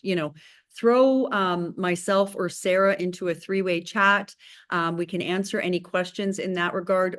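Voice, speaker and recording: A woman co-hosting a video call, pitching in a conversational way with quick asides. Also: fairly bright tone, no room sound, studio quality. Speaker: co-host.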